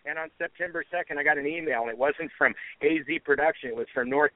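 A man, a guest telling folksy, animated stories during a phone interview from the roadside. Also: fairly high pitch, fast talker, no echo. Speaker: guest auctioneer. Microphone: phone call. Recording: tinny dry phone line.

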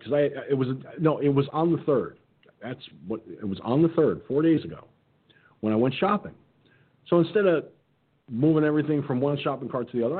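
Over a tinny line that sounds like a phone, a middle-aged online radio host with a husky, mid-range voice shares a funny anecdote in casual conversation. He's animated and acts out what the other people said, doing their voices.

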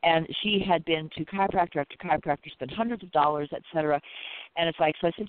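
A Reiki practitioner, a man, chats in a rambling, filler-heavy way, his words tumbling out quickly. His voice sits a little high for a man. It comes through a thin, dry, phone-like line. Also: smooth, no room sound. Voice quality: rambling, heavy with fillers like "you know" and "it's like". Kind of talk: casual chat.

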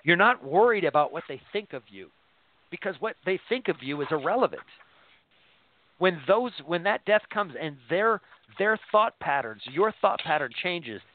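A man's voice: high-pitched, lively intonation, moderate pace. A man hosting a casual faith discussion, talking earnestly and rambling, often repeating words as he thinks. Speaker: show host discussing scripture. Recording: tinny phone-line sound.

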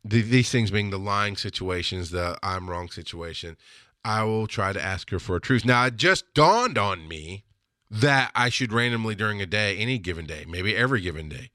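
A man's voice: on the low side, expressive, normal speed, sharp tone, no echo, clean studio sound. A middle-aged man hosting a podcast, talking in a casual, rambling way and often breaking into laughter. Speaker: podcast host. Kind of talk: casual livestream monologue.

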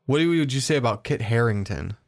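A man co-hosting a casual film podcast, halting and often tripping over his words. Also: medium pitch, lively intonation. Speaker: podcast co-host. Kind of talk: casual chat.

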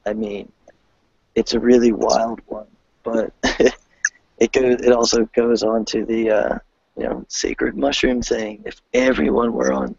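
Rambling, gravelly-voiced man on a lo-fi call. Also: medium pitch, unhurried, no echo. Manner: rambling, excitable, laughs often. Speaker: host. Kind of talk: casual group video call. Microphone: video call. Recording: dull lo-fi video call audio.

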